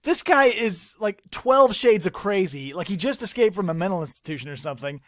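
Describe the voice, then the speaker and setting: A high-pitched man hosting a casual podcast. He tells the story in an animated, rambling way and swears freely. The recording is dry and close. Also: brisk, no room sound. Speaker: podcast host. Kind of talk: casual chat.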